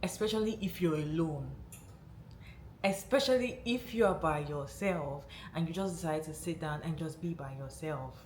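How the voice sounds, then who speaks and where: A woman with a lowish voice comments on a clip in a reflective, casual way, repeating her points for emphasis. The sound is roomy, with faint noise behind her. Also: normal speed, darkish tone. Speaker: host reacting to a clip.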